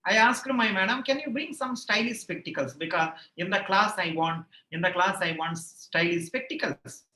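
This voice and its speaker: Rambling Indian English teacher, echoey room. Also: male voice, high-pitched, normal speed, pushed and bright. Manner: repeats phrases, rambling anecdotes, playful self-mockery. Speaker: online exam-prep teacher. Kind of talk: chatty aside in a live class, answering chat.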